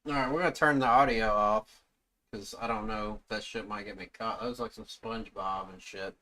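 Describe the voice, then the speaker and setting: A man's voice: fairly low pitch, steady tone, normal speed, pushed and bright, a little hiss or hum. A man streaming live, reacting to video clips with profane, blurted comments.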